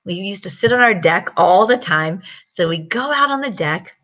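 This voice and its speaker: In a muffled recording, a middle-aged woman of medium pitch talks at a moderate pace, combining a personal story with a motivational sales pep talk. She's an animated storyteller who acts out the quotes.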